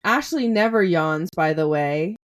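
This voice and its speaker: A woman's voice: on the low side, expressive. A young American woman co-hosting a casual book podcast, teasing her co-host playfully. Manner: playful teasing, drawn-out delivery. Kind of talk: casual book-club chat.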